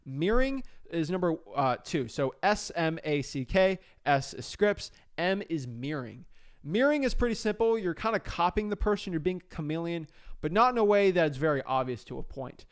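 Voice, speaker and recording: A young man from South Florida giving a casual, energetic coaching talk with frequent fillers and restarts. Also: fairly high pitch, moderate pace, clean tone. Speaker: real estate wholesaling coach.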